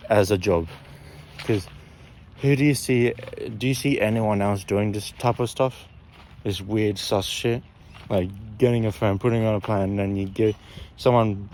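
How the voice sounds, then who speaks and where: A man's voice: lowish voice, a little mellow. A young man telling a rambling storytime vlog from a park, full of fillers and restarts, filmed on a phone with faint outdoor noise.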